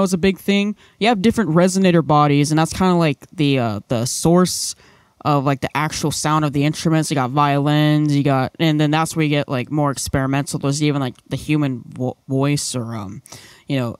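A man's voice: on the high side, clean tone, no echo, clean studio sound. A young man co-hosting a casual podcast, rambling with lots of fillers into a microphone. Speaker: podcast co-host. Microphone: studio microphone.

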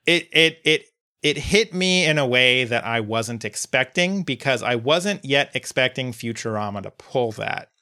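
A man's voice: medium pitch, animated, measured pace, pushed and bright. A man co-hosting a podcast in casual chat, talking in a reflective, rambling way with lots of filler words. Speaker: podcast co-host.

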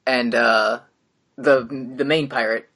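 A man's voice: mid-range voice, fairly even intonation, slow, bright, forceful tone. A man narrating as game master in a tabletop game, casual and full of fillers. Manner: casual, hesitant with many fillers.

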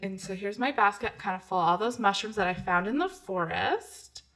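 A woman's voice: medium pitch, lively intonation, normal speed, fairly bright tone. A woman playing an oblivious home cook who forages mushrooms, talking breezily and then getting flustered.

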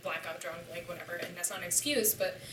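Quick-paced and steady, her lowish voice carries a young woman's emotional, candid account of a painful story on a podcast, thick with "like." Noise fills the background, and the recording is roomy and distant.

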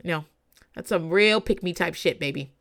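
A woman's voice: fairly low pitch, a little slow, a bit bright. A woman hosting a podcast, giving casual, profane true-crime commentary full of laughing asides. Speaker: podcast host.

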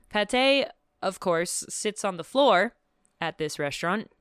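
A woman's voice: mid-range voice, takes it slowly, smooth, dry recording, studio quality. A woman co-hosting a casual podcast, recapping a movie with lots of swearing and laughter, acting out the characters' lines. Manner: animated, profane, acts out quotes with laughter. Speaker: podcast co-host.

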